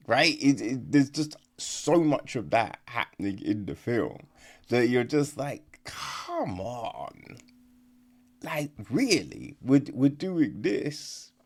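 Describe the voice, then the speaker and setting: A man giving a casual, rambling podcast film review, exasperated, full of fillers and rhetorical questions. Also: on the low side.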